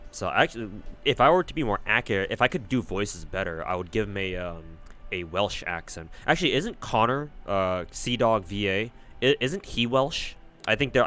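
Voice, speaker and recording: A man's voice: deep voice, fairly bright tone. A male streamer chatting casually between game lines, rambling and swearing freely. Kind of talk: casual commentary while reading a game. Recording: faint background music.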